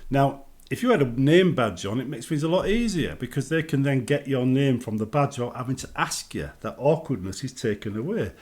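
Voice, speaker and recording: A man's voice: mid-range voice, expressive, brisk, hardly any pauses, a little mellow. A British man giving casual advice on a gaming vlog, chatty and acting out everyday greetings. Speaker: gaming vlogger.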